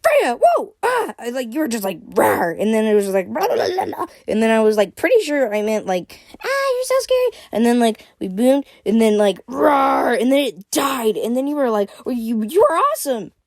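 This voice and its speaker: A woman voicing a hyper, bubbly young half-robot girl who rambles excitedly with fillers, in a squeaky voice. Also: slow pace, few pauses, dry recording, clean studio sound, exaggerated voice.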